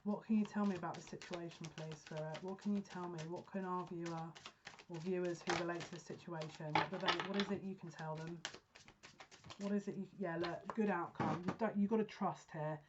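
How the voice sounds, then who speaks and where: A woman giving a pick-a-card psychic reading, talking earnestly and emotionally with halting restarts. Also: fairly low pitch, steady tone, very noisy. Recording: dull lo-fi sound.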